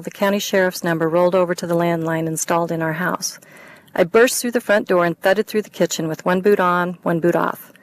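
A woman, the author, reading her first-person mystery novel aloud in a wry, expressive way. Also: lowish voice, poor audio.

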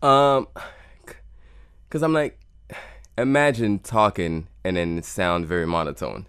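Deep-voiced guy musician, earnest, thinks out loud, dry close sound. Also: lively intonation, a little slow, clear, resonant tone, dry recording. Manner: earnest, reflective, repeats words. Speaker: cellist guest. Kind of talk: conversational interview.

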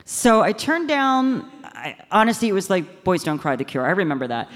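A woman telling a lively, self-mocking first-person story on a live stage, often slipping into voices for the people in it. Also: mid-range voice. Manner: animated, self-mocking, quick shifts into quoted voices. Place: live stage in front of an audience. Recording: stage mic with long hall reverb.

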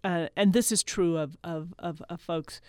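A woman's voice: on the low side, fairly even intonation, normal speed, darkish tone, dry recording, studio quality. A middle-aged woman, a folklorist guest on a radio interview, speaking thoughtfully and often repeating words while she searches for them. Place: radio studio. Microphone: studio microphone.

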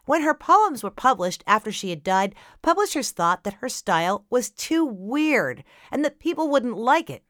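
A woman's voice: fairly high pitch, big pitch swings, moderate pace, hardly any pauses, fairly bright tone, no echo, studio quality. A woman hosting a children's classical music podcast, explaining things simply and cheerfully to young listeners. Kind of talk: scripted kids' podcast narration.

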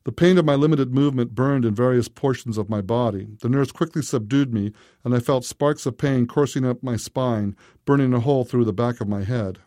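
Man, storybook narrator, steady, unhurried, mellow voice, dry close mic. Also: mid-range voice, dry recording. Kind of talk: first-person storybook narration.

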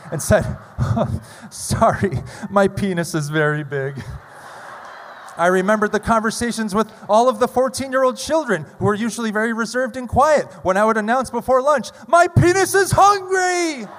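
A man in his thirties telling a funny, self-deprecating story live on stage at a story slam, with loud bursts. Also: high voice, moderate pace, a little hiss or hum. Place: large theater stage. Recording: long hall reverb.

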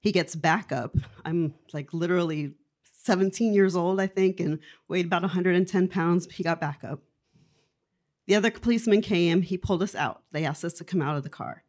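A woman telling her own life story to a live audience in a candid, wry, conversational way. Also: lowish voice. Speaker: storyteller on stage.

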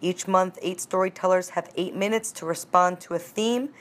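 A woman host giving a plain, measured scripted introduction for a radio storytelling show. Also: on the low side.

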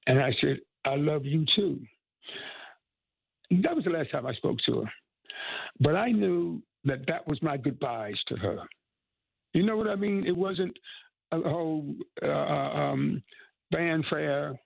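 An elderly man in his eighties, from North Carolina, speaks earnestly in an interview. His voice is heavily gravelly and husky, with a slightly raised pitch. It comes through a tinny, phone-like line. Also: lively intonation, unhurried, pauses often, no room sound. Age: 80s. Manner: earnest, heartfelt storytelling. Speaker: musician and activist.

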